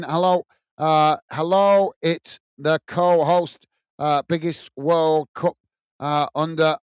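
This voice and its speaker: A man from the UK hosting a live football watch-along, calling the play and warmly greeting viewers by reading their chat messages aloud. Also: on the high side, clean tone, no echo. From United Kingdom. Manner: friendly, reads viewer comments aloud and greets them.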